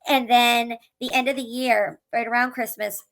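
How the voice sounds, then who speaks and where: Speaking candidly to the camera, a woman raising her kids alone recounts her life with emotion, often restarting and repeating words. Her slightly high, somewhat bright voice is creaky and steady in tone at a moderate pace, over a rough recording.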